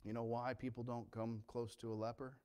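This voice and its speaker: A male pastor preaching a sermon with impassioned swings from quiet storytelling to loud emphasis. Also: mid-range voice, little pitch movement, brisk, clean tone.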